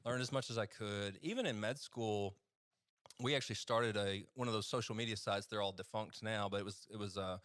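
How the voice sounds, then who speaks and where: A man's voice: fairly low pitch, fairly even intonation, brisk, a bit bright, no room sound, studio quality. A man with an East Texas accent, a physician guest telling a story in a rambling, chatty way with easy laughter. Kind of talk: casual storytelling testimony.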